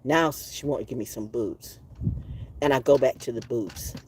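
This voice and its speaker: A woman telling a long story outdoors in a casual vlog monologue, profane and animated, laughing now and then and coughing from allergies. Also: rumbling low, normal speed, very noisy. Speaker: vlogger.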